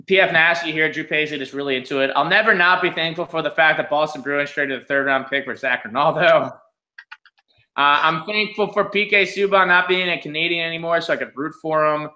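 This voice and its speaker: Bright-voiced young man ranting sarcastically. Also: on the high side, fairly quick. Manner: sarcastic, animated rants. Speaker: podcast co-host. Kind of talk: casual chat.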